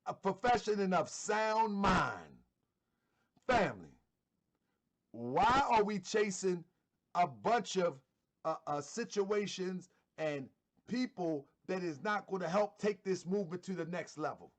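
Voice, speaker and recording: A man's voice: high voice, animated, takes it slowly. A man hosting an online show, giving fervent religious commentary and repeating phrases for emphasis. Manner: fervent, sometimes shouting.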